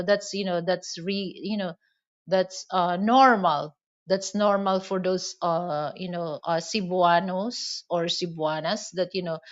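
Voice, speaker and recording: Filipino-accented woman, low-ish voice, unhurried rambling chat, lots of fillers. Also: fairly bright tone, dull audio. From Philippines. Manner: rambling, many "you know" fillers. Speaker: vlogger. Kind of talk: casual monologue.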